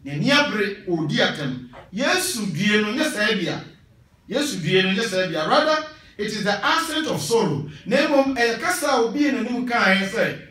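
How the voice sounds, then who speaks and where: A man with a Ghanaian accent preaching a sermon, switching between Twi and English with animated, emphatic delivery. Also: very high-pitched. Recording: echoey hall from a distance.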